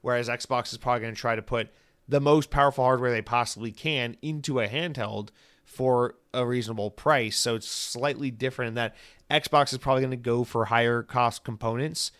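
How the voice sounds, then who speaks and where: A man's voice: medium pitch, fairly even intonation, a little fast, fairly bright tone, clear, resonant tone. Rambling, joking male podcast host. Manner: rambling, jokey, full of comic tangents. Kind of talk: casual solo podcast monologue.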